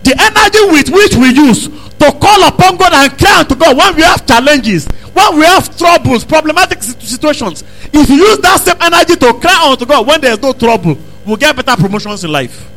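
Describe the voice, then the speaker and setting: A man preaching a sermon, repeating phrases and breaking into emphatic shouts. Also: very high voice, animated, fairly quick, faint music behind, rough recording. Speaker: pastor.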